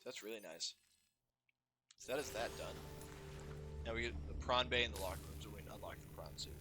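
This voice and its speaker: A young man in his twenties chats casually as he plays, rambling into stories. His voice sits fairly low, and loud game music plays behind him the whole time. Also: fairly quick. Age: 20s. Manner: rambling storyteller, chatty and relaxed. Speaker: gaming channel host. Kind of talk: casual gameplay commentary.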